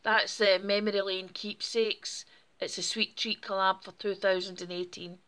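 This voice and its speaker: Woman hosting a craft demo; friendly, chatty delivery with a bright, clear edge. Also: mid-range voice, level tone, moderate pace. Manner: chatty, friendly, explaining step by step. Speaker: craft channel host. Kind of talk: casual craft tutorial.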